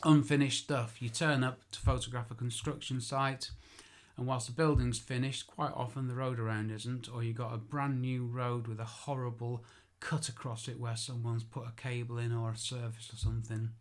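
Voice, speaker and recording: A man's voice: mid-range voice, little pitch movement, normal speed. A man who works as an architectural photographer, giving an informal spoken tutorial. He chats, makes self-deprecating asides and corrects himself aloud.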